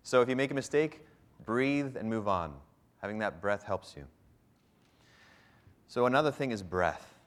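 A man's voice: mid-range voice, animated, moderate pace, pauses often. Man coaching a live audience. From Canada. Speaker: public speaking instructor. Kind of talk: live workshop lecture.

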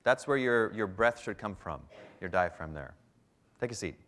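Speaking at a normal speed, a slightly low-voiced man from Canada coaches a live audience through a public speaking workshop. His manner is animated, with occasional breaks to show what he means.

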